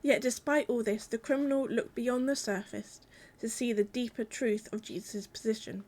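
Speaking with a fairly high pitch, a woman gives a sermon. Her tone stays reflective, calm, and measured throughout.

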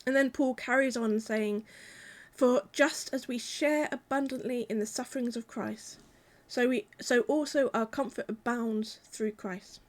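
A woman preaches a sermon in a calm, measured, reflective manner. Her voice is fairly high-pitched.

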